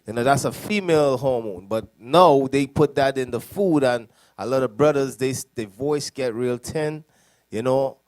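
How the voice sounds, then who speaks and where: A man speaking as a deacon on a preaching panel, animated and storytelling, with laughs and voice impressions. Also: medium pitch, normal speed.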